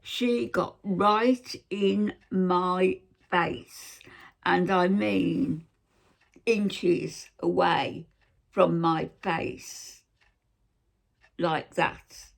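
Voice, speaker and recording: A woman telling a personal story to camera in an aggrieved way, pausing often and acting out what others said. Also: on the low side, fairly even intonation, vocal fry. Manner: aggrieved retelling, acting out others' lines, frequent hesitations. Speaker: vlogger.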